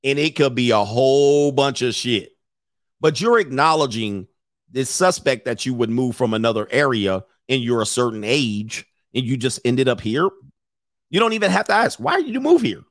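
A brash man talks straight at his viewers, handing out dating advice with plenty of swearing and jokes. His voice sits at an ordinary middle pitch. The recording is dry and close, with no room sound. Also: animated, moderate pace, fairly bright tone, no echo. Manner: brash, profane, joking delivery with mocking quoted voices. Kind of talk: casual monologue to viewers.

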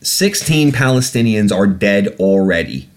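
Low-voiced guy ranting on his podcast, sarcastic, swears a lot, gets heated. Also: expressive, a little slow. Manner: heavy swearing, sarcastic, gets irate then apologizes. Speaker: podcast host. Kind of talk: casual podcast rant.

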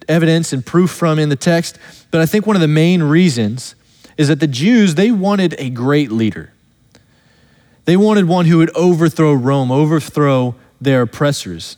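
Male pastor, earnest sermon, slightly high voice, long hall reverb, slows on quoted verses. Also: darkish tone.

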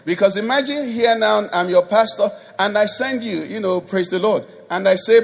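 A man's voice: high voice, moderate pace, gravelly, hardly any pauses, soft background music. A man preaching a sermon as pastor, emphatic, with call-and-response questions to the congregation.

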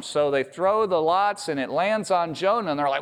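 A man preaching a sermon, telling a story with lively voiced quotes. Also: fairly high pitch, measured pace. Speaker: pastor. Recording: echoey hall with long reverb.

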